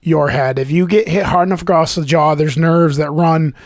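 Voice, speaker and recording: A man's voice: on the high side, steady tone, moderate pace, no echo, studio quality. A young man hosting a casual podcast, talking loosely with lots of cursing, fillers and laughter as he retells things. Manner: rambling, profane, laughs while retelling bits. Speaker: podcast host.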